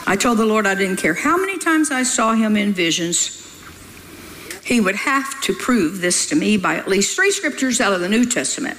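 A woman preacher telling a story from the pulpit, lively and teasing, scolding with laughter. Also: mid-range voice, normal speed, vocal fry, slight background noise, poor audio. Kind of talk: sermon storytelling.

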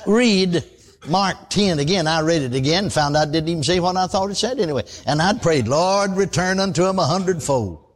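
A man's voice: fairly high pitch, expressive, moderate pace. An older man, preaching a sermon in a folksy, conversational storytelling way, full of asides and repeated words.

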